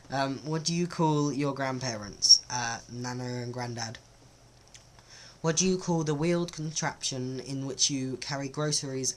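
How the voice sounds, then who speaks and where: A man's voice: mid-range voice, slight background noise. A man talks casually to camera in a vlog, hesitant and self-conscious, with many ums. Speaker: vlogger. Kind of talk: casual accent-test vlog.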